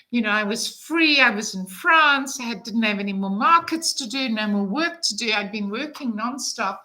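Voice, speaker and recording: Woman in her 50s, travel vlog, chatty and gushing, bright tone, pitched a bit high. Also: poor audio. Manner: chatty and enthusiastic, with frequent fillers. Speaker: travel vlogger. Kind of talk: casual storytelling to camera.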